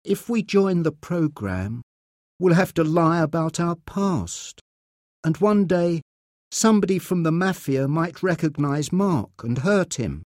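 A man's voice: on the high side, animated, a little mellow, no echo, clean studio sound, pitched above the performer's own voice. A man voicing a hesitant worried mother. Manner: hesitant, slow.

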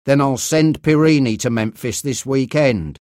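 A man reading aloud, voicing a cold, indifferent mafia boss in a lowered voice. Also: measured pace, darkish tone, dry recording, clean studio sound, close to an everyday voice.

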